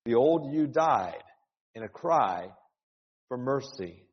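Speaking slowly in a medium pitch with lively intonation, a male pastor gives an urgent, heartfelt sermon. Repeated words and rising cries fill his delivery, heard through a dull recording with long hall reverb.

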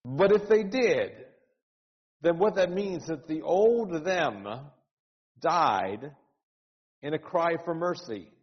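A man's voice: a little high, expressive, slow, pauses often. Man preaching an earnest sermon in a reverberant hall. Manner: earnest, urgent preaching with repeated words and rising cries. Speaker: pastor. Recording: dull sound with long hall reverb.

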